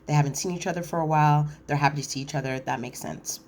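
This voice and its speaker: A woman casually recapping a reality TV episode, chatty and animated, acting out cast members' lines and correcting herself as she goes. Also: low voice, fast, slight background noise. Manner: animated, quotes cast members in voiced asides; chatty, frequent fillers and self-corrections.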